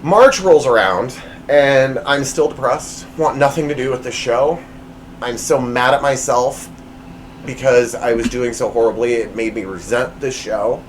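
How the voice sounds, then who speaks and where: A man's voice: medium pitch, measured pace, a little hiss or hum, poor audio. A man hosting his own podcast, telling a personal story in a rambling, self-deprecating way with lots of fillers and restarts, recorded at home. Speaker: podcast host.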